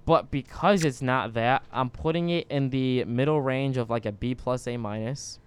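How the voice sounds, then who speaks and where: A man's voice: mid-range voice, moderate pace, clean tone. A tipsy man co-hosting a beer-tasting podcast, rambling with lots of fillers. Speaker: podcast co-host. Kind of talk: casual beer-tasting chat.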